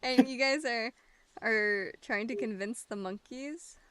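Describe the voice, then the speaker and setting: A young woman running a tabletop game as dungeon master, playful and quick with her questions, laughing often. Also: on the high side, a little hiss or hum.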